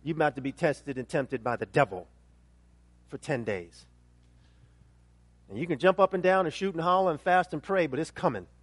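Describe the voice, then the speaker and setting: A pastor preaching a sermon emphatically, building to loud questions and then dropping quiet and intense. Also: male voice, on the high side, moderate pace, pauses often, dry recording.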